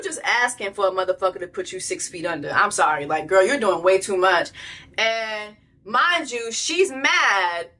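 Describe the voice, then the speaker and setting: An American woman riffing on a reality show in casual, blunt commentary. Her voice is bright and clear, and she talks with animated, profane energy, swinging between teasing and exasperation. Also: medium pitch.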